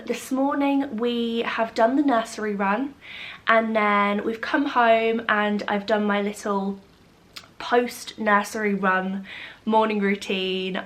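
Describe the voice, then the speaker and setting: A young woman chatting warmly in a cozy vlog, a bit nasal and short of breath from a cold. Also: medium pitch. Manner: gushing and affectionate, many "like"s. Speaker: vlogger. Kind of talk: cozy casual vlog chat.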